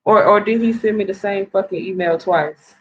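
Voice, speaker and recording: A woman's voice: mid-range voice, moderate pace, phone-quality sound. A woman in an angry, profane rant to camera, swearing heavily and rambling with restarts as she vents. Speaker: vlogger.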